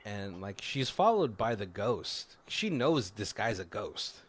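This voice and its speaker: A man's voice: on the low side, sing-song, takes it slowly, slight background noise. A man casually recapping a movie plot on a podcast, rambling with lots of fillers and self-corrections. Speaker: podcast co-host.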